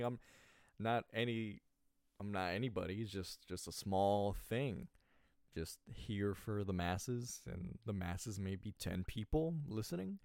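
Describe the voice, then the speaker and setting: A man from California hosts a small solo podcast, delivering a casual monologue in which he rambles, corrects himself, and slightly slurs his words in a lazy way. His voice is lowish, and the recording is dry with clean studio sound.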